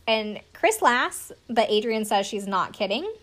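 A woman's voice: fairly high pitch, lively intonation, a little slow, fairly bright tone. A woman in her twenties recapping a reality show in casual chat, sarcastic and swearing now and then. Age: 20s.

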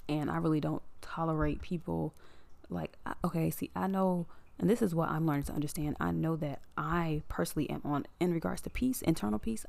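Gravelly-voiced woman musing on self-growth. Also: sits low. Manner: repeats phrases for emphasis, drops into soft whispers; frank, curses casually. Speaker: podcast host. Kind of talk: casual spiritual monologue.

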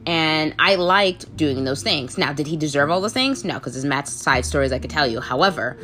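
A woman's voice: sits low, moderate pace. A young woman casually telling a funny dating story, acting out the voices in the quotes. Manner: animated, acts out voices in quotes, frequent laughs.

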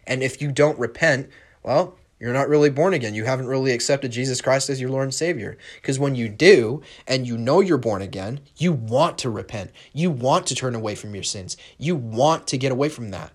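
Fervent man preaching on a podcast. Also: medium pitch. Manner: fervent, emphatic, repeats "right?" and swears. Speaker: podcast host. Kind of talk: casual preachy monologue.

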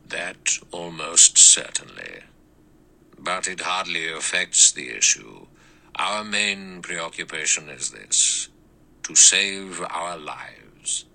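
A man doing a calm, commanding old judge. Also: low-pitched, vocal fry, full character voice, rough recording. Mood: grave, commanding. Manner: measured, precise, commanding. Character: old stern male judge, calm, authoritative.

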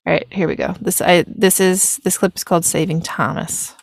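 A woman's voice: lowish voice, steady tone, normal speed, creaky, a little hiss or hum. A tired woman hosting a casual film reaction video, rambling, laughing and correcting herself as she goes.

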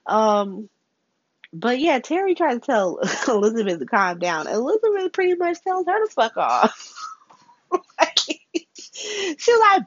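A woman giving a casual, profane recap of soap opera episodes, sassy and animated, laughing often and acting out the characters' lines. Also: on the high side, measured pace, pauses often, no echo, lo-fi sound.

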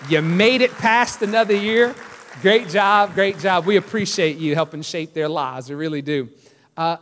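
A man's voice: high-pitched, a bit bright. A man preaching a sermon as pastor, joking and conversational with the congregation. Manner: joking, self-deprecating, conversational. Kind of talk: sermon with storytelling. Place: church. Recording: long reverb of a large hall.

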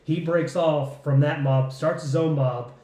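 A man's voice: fairly high pitch, steady tone, measured pace, warm tone. A man on a casual podcast, laughing often and retelling movie scenes. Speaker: podcast co-host. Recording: very echoey room.

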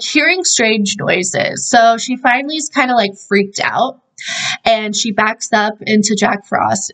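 A woman's voice: medium pitch, fairly bright tone, poor audio. A young woman hosting a podcast, recapping a film in a chatty way, full of fillers and laughing asides. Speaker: podcast host. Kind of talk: casual movie recap.

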